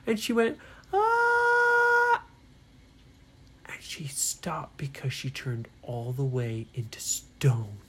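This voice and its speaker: Woman, bedtime storyteller, low breathy voice, unhurried. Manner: slow, soft, lively voices for the characters. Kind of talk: bedtime story told to a child.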